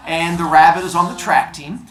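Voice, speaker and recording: A man's voice: on the high side, brisk, roomy sound. Playful male teacher telling a fable. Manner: playful, animated, acts out characters. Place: classroom.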